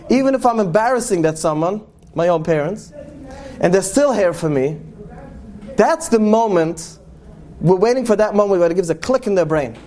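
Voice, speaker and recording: Earnest high-voiced man, tinged storyteller. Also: a little mellow. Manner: earnest, slows and lingers on key words for emphasis. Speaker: rabbi. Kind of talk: storytelling talk to an audience.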